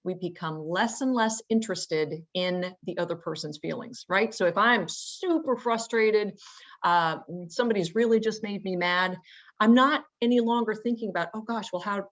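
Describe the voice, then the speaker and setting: A woman's voice: mid-range voice, normal speed, fairly bright tone, highs cut off. A woman presenting a training webinar, explaining ideas in a conversational way with fillers and rhetorical questions. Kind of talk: instructional webinar talk. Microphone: remote webinar audio.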